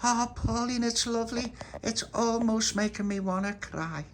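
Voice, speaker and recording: A man voicing a sentimental woman bridesmaid in a high, gushing sing-song voice for a homemade storybook. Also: normal speed, a little hiss or hum. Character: fussy excitable grown woman bridesmaid, sentimental.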